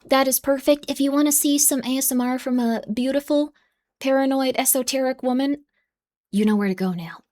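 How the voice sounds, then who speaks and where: Bubbly high-voiced woman streamer. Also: a little fast, darkish tone. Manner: bubbly, playfully scolding, shifts into whispers. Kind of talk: casual live-stream chat.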